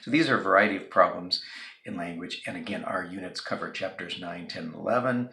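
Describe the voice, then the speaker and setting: A male teacher talks through a recorded lesson in a relaxed, joking manner, often pausing on ums and uhs. His voice sits low and gravelly, with a bright, forward edge. The sound comes from a roomy, echoing space. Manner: casual, joking, filler-heavy. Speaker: instructor. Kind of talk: recorded video lecture.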